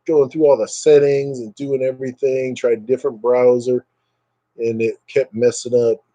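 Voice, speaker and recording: A live streamer chats casually with viewers over a webcam at home, joking, sarcastic, and wandering from one topic to the next. His mid-range voice is mellow and flat, at a normal speed. The recording is dry but rough.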